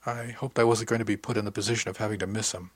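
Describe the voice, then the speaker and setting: A man narrating a first-person audiobook in an even, wry storytelling manner. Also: fairly low pitch, very fast, dry recording.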